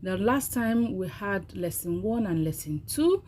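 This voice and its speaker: Woman, language teacher, unhurried delivery, repeats words for you to echo. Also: mid-range voice, expressive, a little mellow, a little hiss or hum. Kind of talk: slow spoken language lesson.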